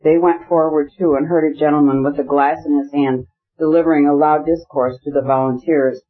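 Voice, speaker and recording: A man giving a steady scripted narration of an audiobook. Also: a little high, fairly quick. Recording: dull lo-fi recording.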